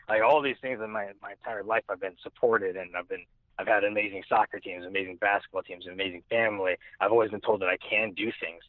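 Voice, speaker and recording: Low-voiced young man on a tinny line. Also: no echo. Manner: rambling, many restarts and fillers. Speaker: guest. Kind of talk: storytelling in an interview.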